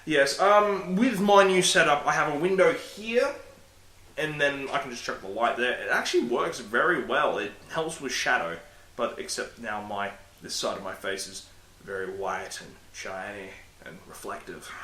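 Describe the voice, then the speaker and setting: Bright-voiced man rambling to a webcam. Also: medium pitch, normal speed, roomy sound, slight background noise. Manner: rambling, self-deprecating, swears casually. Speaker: vlogger. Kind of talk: casual solo vlog to webcam. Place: room at home by a window. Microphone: laptop webcam mic.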